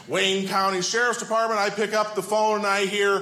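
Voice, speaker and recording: A man performing a stand-up comedy set, telling stories in a deadpan way and putting on voices for the people in them. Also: high-pitched, fairly quick, few pauses, slight background noise. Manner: deadpan storytelling with acted phone voices. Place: comedy stage before a live audience. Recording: echoey club with loud crowd laughter.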